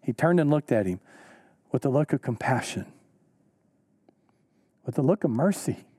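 A pastor preaching a sermon, earnest and emphatic, repeating key lines slowly for weight. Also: male voice, animated, warm tone, slightly rough, no echo. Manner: rises in pitch when stressing a point.

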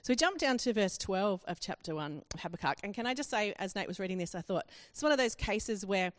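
A woman's voice: medium pitch, expressive, fast talker, no room sound, clean studio sound. A woman preaching a sermon, acting out quoted questions with rising emphasis.

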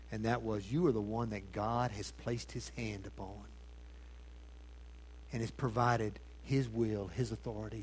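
Male pastor mid-sermon, dramatic shifts from booming emphasis to near-whisper. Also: slight background noise. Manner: dramatic swings between loud emphasis and hushed tones; addresses congregation with rhetorical questions. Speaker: preacher.

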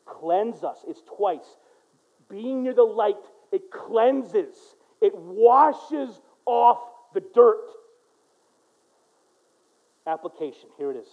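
A male pastor preaching a sermon, dropping to a quiet voice for prayers and rising to loud, emphatic exhortation. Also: sits high, lively intonation, extremely slow, long pauses, phone-quality sound.

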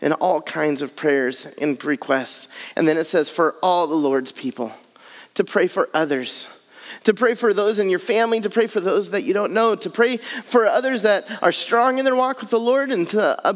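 A man's voice: high-pitched, normal speed, long reverb tail. A man preaching a sermon earnestly, building his points in repeated lists. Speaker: pastor.

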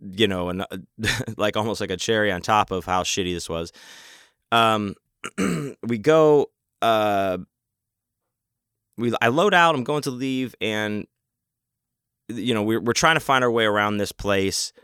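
A man tells a rambling, profane story in a relaxed, casual manner. His voice is low and smooth. The recording is dry and close, with no room sound. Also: no room sound. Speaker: convention vendor telling a story.

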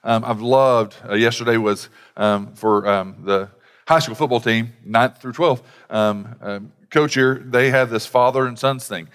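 A man's voice: medium pitch, measured pace, clear, resonant tone. Middle-aged male pastor, chatty storytelling sermon, mid voice, long hall reverb. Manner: conversational, animated storytelling with many fillers.

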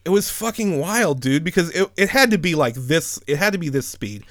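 A man's voice: a little high, a little fast, dry recording, clean studio sound. A man casually telling a funny workplace story, swearing often and laughing. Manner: profane, animated, laughs often. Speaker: podcast host telling a story.

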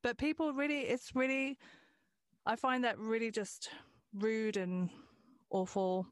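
A woman's voice: a little high, steady tone, measured pace, dry recording, clean studio sound. A woman hosting a podcast in casual chat, talking freely with frequent restarts and the odd swear word. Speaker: podcast host.

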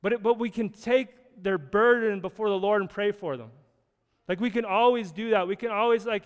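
A male pastor preaches a sermon at a moderate pace, his high voice smooth and resonant. Earnest and conversational, he keeps restarting and circling back over phrases while reading and working through scripture, his words ringing with the long reverb of a large hall.

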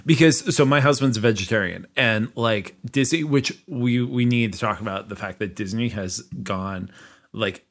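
A man's voice: on the low side, normal speed. A man co-hosting a podcast, sharing enthusiastic, rambling opinions in casual chat. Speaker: podcast co-host.

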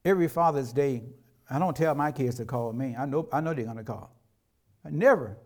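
A man's voice: medium pitch, fairly quick, darkish tone. A middle-aged man preaching a sermon as a pastor, in a conversational way, acting out quotes from everyday life.

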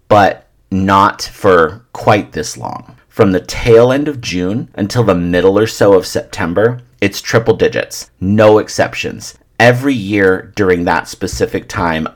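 A low-voiced man talks straight into his mic on his solo podcast. He rants about everyday things in a loose, profane, sarcastic way, like a host riffing in one take. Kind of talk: casual solo podcast monologue.

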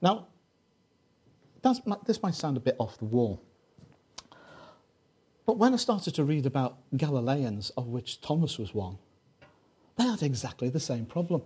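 Joking Scouse preacher with a husky voice. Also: male voice, medium pitch, sing-song, measured pace, long pauses, mellow. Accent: Liverpool (Scouse). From Liverpool, England. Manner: joking, conversational, lots of asides. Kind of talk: sermon with jokes.

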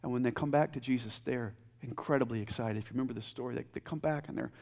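A young adult man preaching a sermon, earnest and emphatic, swinging between loud peaks and soft quiet stretches, with frequent restarts. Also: medium pitch, quick pace, creaky. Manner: repeats and restarts words. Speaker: pastor.

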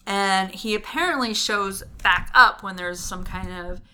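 A woman's voice: medium pitch, a little slow, sharp tone. A woman co-hosting a podcast, recapping a TV episode in casual chat, laughing often as she quotes lines from it. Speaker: podcast co-host.

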